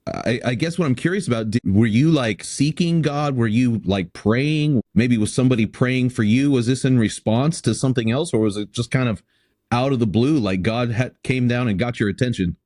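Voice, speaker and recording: A podcast host who asks curious follow-up questions in a casual interview. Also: male voice, medium pitch, normal speed, a little mellow, no echo, studio quality.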